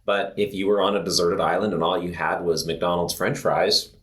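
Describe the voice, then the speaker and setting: A man's voice: low-pitched, fairly even intonation, normal speed. A man co-hosting a casual health podcast, from the Pacific Northwest of the US, who talks in loose, rambling sentences full of "like" and "um". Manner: rambling, filler-heavy, laughs easily. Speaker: podcast co-host.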